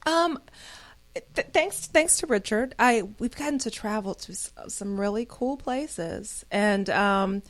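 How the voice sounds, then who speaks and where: Midwestern woman guest, high-ish voice, animated, laughing storyteller. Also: takes it slowly. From Gary, Indiana. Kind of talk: casual storytelling.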